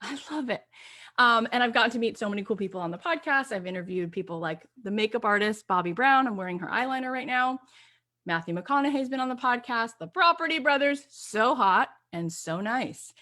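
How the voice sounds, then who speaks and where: A chatty woman hosts an online course and talks straight to camera in an upbeat way. Her voice sits a little high, and she slips into the lines she quotes as she tells her story. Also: brisk. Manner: animated storyteller who acts out quoted lines. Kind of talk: casual talk to camera.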